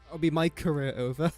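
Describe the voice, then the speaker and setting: A young man with an English accent talks through his gameplay in a loose, rambling live-stream style, joking at his own expense and half-muttering his guesses. His voice sits a little higher than most men's, with faint music playing underneath. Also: darkish tone. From England. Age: young adult. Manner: chatty, self-mocking, mutters while guessing. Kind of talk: casual live-stream commentary.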